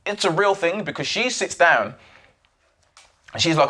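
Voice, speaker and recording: This podcast host's voice is fairly high-pitched, at a normal pace. Animated and swearing, he retells a documentary in casual style and performs the quoted voices.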